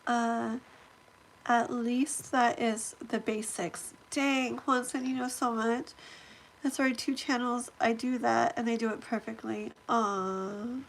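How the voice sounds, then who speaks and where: Stuffy-nosed woman with a fairly high voice hosting a live stream, chatty and eager, reads viewer comments aloud; faint noise behind. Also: takes it slowly, gravelly, low-quality recording. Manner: chatty and excitable, thanking viewers. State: stuffy nose. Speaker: livestream host.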